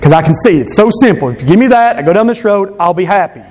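High-voiced man giving an earnest testimony. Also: animated, fast talker, darkish tone, slight background noise. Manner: earnest, repeats phrases for emphasis. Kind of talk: personal testimony.

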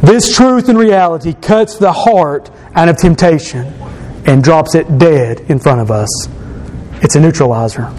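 A man's voice: on the high side, a little slow, a little mellow, slight background noise, low-quality recording. A man preaching an emphatic sermon as pastor, repeating phrases for stress.

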